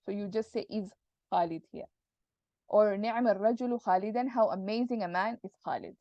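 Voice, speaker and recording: A woman's voice: mid-range voice, quick pace, no echo. Woman teaching grammar, dull dry sound. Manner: explanatory, posing questions to students, fillers and restarts. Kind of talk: classroom grammar lesson.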